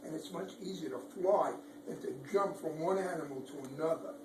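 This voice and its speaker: A man reading a picture book aloud to children, animated, pointing out pictures and making sound effects. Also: a little high, brisk. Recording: echoey room, far from mic, background noise.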